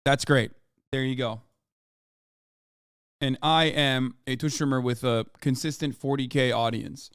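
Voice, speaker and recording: A man streaming casual reaction commentary, rambling with fillers and swearing, turning loud and heated when he rants. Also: medium pitch, steady tone, a little slow, pauses often, clean tone, no room sound, studio quality. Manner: profane, rambling, with frequent fillers.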